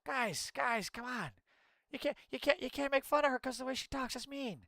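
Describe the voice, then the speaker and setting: A man's voice: very high voice, moderate pace, vocal fry, sharp tone, no room sound, clean studio sound, pitched above the performer's own voice, heavily acted. A man putting on the voice of a whiny woman politician who pleads for sympathy in a mocking tone. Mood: whiny pleading.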